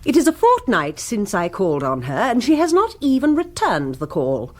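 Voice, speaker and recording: A woman's voice: fairly high pitch, huge pitch swings, normal speed. An actress playing a haughty, snobbish woman who reigns over village society, speaking in a lofty, precise, affronted way. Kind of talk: radio drama acting.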